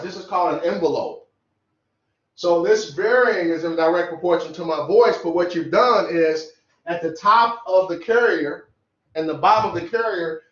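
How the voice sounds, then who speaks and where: A man gives a casual electronics lecture, talking loosely and sketching as he goes. His voice sits a little high for a man. The sound is roomy and dull, like a lo-fi classroom recording. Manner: loose, conversational, drawing as he explains. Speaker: electronics instructor.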